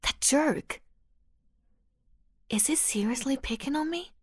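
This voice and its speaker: A woman's voice: on the high side, measured pace, a little mellow, no room sound, natural voice. Woman doing an irritated teenage schoolgirl. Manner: irritated, snappy. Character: irritated teenage girl student, sharp-tongued. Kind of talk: audiobook character voice.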